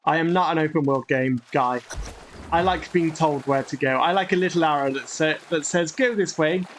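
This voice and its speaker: A man's voice: on the high side, normal speed, fairly bright tone, a little hiss or hum. A man hosting a gaming channel, giving chatty, grumbling, self-mocking commentary as he plays. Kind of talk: gameplay commentary.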